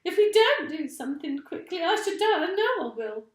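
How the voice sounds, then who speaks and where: A woman reading aloud, voicing a shrill, nasty old woman who shrieks in panic. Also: animated, takes it slowly, a bit bright, exaggerated voice. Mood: screaming. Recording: roomy echo.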